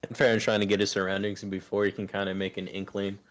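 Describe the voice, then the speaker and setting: A man's voice: on the low side, flat delivery, fast. A young man acting as game master, narrating loosely with lots of filler words. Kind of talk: running a tabletop game over voice chat.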